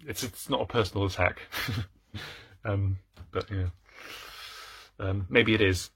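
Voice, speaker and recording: This thirty-something book vlogger talks in a fairly low, husky voice with a fairly bright tone, pausing often at a normal speed. He's playful on his channel, hamming it up and making fun of himself as he discusses books.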